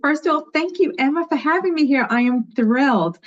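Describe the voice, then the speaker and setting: A woman in her fifties from New York, with a New York accent, talking as an enthusiastic, energetic guest in an interview. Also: high voice, fairly quick, a little hiss or hum. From New York, USA. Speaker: guest, education leader. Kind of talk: casual interview chat. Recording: dull lo-fi audio.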